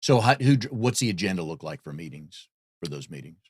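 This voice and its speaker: A man's voice: sits low, very animated, a little fast, a little mellow, dry recording, clean studio sound. A man interviewing a guest, asking casual questions and giving short, encouraging replies.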